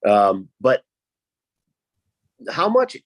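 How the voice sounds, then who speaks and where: A man's voice: medium pitch, huge pitch swings, very slow. A man from Rhode Island hosting a podcast, chatty and laughing often. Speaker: podcast host. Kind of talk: casual chat.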